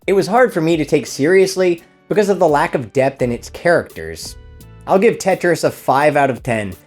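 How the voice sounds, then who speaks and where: A man's voice: a little high, lively intonation, normal speed, soft background music. A man narrating a scripted comedic film review with a dry, sarcastic delivery.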